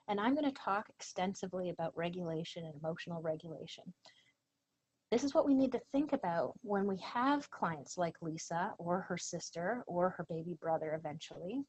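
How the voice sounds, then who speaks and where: A woman presenter giving an earnest lecture to a professional training audience, animated when she quotes others. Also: medium pitch, slightly rough, poor audio.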